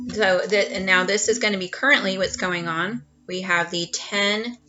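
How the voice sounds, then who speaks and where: A woman giving a casual tarot card reading at her home, rambling and chatty with many fillers and restarts. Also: mid-range voice. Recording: dull lo-fi sound.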